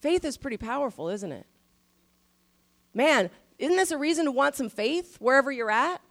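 A middle-aged woman pastor giving a sermon in a conversational style, stressing key phrases slowly. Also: sits high, lively intonation, fairly bright tone.

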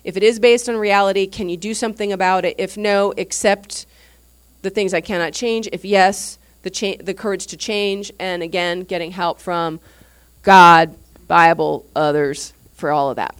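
A woman's voice: mid-range voice, steady tone, moderate pace, clean tone. A woman pastor giving a teaching sermon at a church service in an informal, candid, conversational way. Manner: informal, candid and conversational, acting out what others said.

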